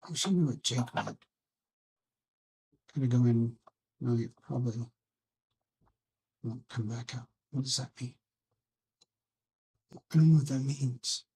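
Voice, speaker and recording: A man hosting a casual build vlog, rambling softly to his viewers and himself while he works at a bench indoors. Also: mid-range voice, unhurried, creaky, long pauses, husky. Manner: soft, rambling self-talk with musing asides. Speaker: drone hobby channel host.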